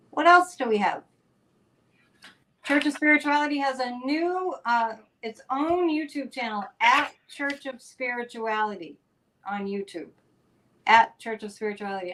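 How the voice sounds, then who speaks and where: A woman's voice: medium pitch, fairly bright tone. A woman hosting a talk show as a psychic, chatting casually and running through announcements in an upbeat, rambling way. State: a bit out of breath.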